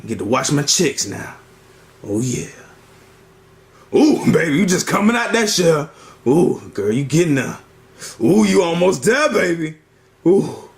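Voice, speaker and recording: Picture a brash male bird, croaky and gravelly, as a man puts him on, his high voice swooping all over as he croons and flusters. It's broad puppet-comedy voice work, loud and over the top. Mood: crooning, leering. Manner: crooning and breathy, easily flustered.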